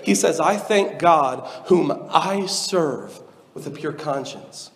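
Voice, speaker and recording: A man's voice: fairly high pitch, expressive, slow pace, fairly bright tone. A young man preaching a sermon as pastor, earnest and conversational, building to emphatic exhortations. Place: church sanctuary. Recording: echoey church hall with reverb.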